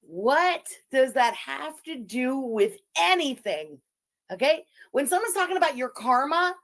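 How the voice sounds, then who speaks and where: High-voiced, scornful French-speaking woman. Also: big pitch swings, a little slow, a bit bright. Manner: profane, mocking and scornful. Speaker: live-stream host. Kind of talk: casual commentary.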